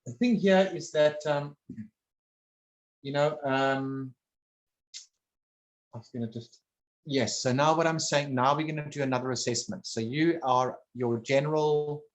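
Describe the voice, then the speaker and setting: A man talking casually one on one, rambling and halting, restarting his sentences and swearing bluntly now and then. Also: fairly high pitch.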